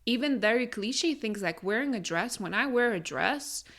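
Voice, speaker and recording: A woman's voice: a little high, animated, normal speed, fairly bright tone. Chatty woman podcast co-host. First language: not English. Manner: chatty, upbeat, full of fillers like "you know" and "right?". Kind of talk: casual podcast conversation.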